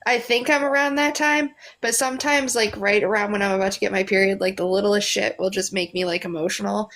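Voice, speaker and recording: A woman's voice: mid-range voice, steady tone, a little fast, a bit bright. A woman, chatting candidly as a guest on a live stream, rambling with many likes. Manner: rambling, candid, full of likes and self-quotes. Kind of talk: casual live chat.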